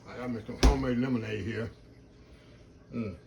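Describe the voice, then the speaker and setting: A man with a mid-range voice, vocal fry, and a steady tone hosts a casual cooking vlog at a moderate pace over heavy background noise. He chats with his mouth full and murmurs "mm" between bites. His phrasing is Southern, and he says "y'all."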